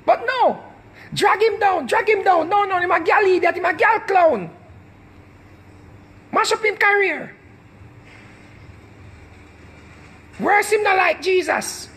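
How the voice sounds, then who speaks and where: A man's voice: very high-pitched, lively intonation, unhurried, a bit bright, voice pushed up, full character voice. A man putting on a mocking, bloodthirsty mob voice with a Jamaican accent, chanting taunts. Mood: jeering.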